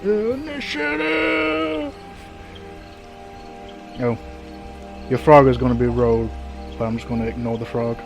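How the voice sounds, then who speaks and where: A man running a tabletop game as game master, who explains the rules patiently and in a relaxed way. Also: mid-range voice, fast, soft background music.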